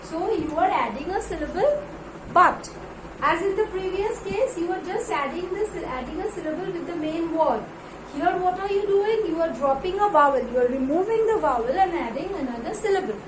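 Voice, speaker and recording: A woman teaching an English grammar lesson to a class. She reads word lists aloud in louder, drawn-out calls and spells words out letter by letter. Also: extremely high pitch, animated, echoey room. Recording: noisy room recording.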